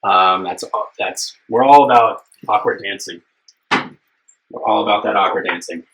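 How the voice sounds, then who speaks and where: A man's voice: lowish voice, a little slow, a bit bright, rough recording. A young man hosting a live cooking stream, chatting casually and upbeat with his viewers, rambling with plenty of fillers.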